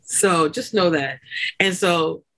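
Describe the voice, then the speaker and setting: A woman doula, a guest on an interview podcast, telling her own story in an animated way with many fillers and frequent laughs. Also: lowish voice, takes it slowly. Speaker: doula and lactation consultant guest.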